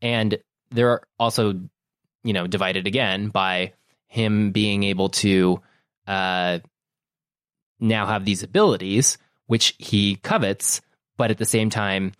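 A man co-hosting a casual film-discussion podcast, talking in an animated, joking way. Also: lowish voice, slow pace, clean tone, dry recording, studio quality. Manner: animated, joking, mimics characters. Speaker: podcast co-host.

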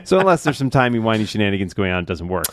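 A low-pitched man talks quickly into a close, dry studio mic. He co-hosts a casual podcast and reads listener mail with dry, wry asides. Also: big pitch swings, fairly bright tone, no echo.

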